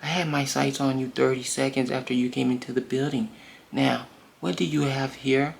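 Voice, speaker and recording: A man's voice: mid-range voice, fairly even intonation, vocal fry, a little hiss or hum, voice pushed up. A man doing a sly, teasing cat burglar woman. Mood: mocking. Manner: teasing, drawn-out.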